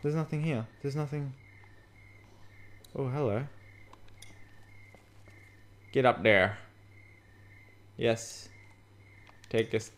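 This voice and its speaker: A man's voice: medium pitch, very slow, long pauses, slight background noise. A man playing a zombie game on camera, talking jokily and nervously, swearing and yelping at the scares, recorded on a desktop microphone at home. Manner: jittery, jokey, swears and yelps. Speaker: gaming YouTuber. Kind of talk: frightened let's-play commentary. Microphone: desktop USB microphone.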